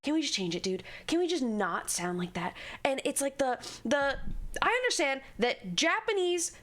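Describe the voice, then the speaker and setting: A woman's voice: high voice, very animated, normal speed, a bit bright. A young woman streamer reacting live, ranting bluntly and profanely with exasperation. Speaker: streamer reacting to a game show. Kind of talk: livestream reaction rant.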